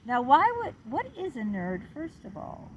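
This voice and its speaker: A woman's voice: fairly high pitch, very animated, normal speed, slight background noise, poor audio. A middle-aged woman talking to camera in a casual, rambling vlog, wandering off topic as she goes. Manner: rambling, chatty, digressive. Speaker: channel host.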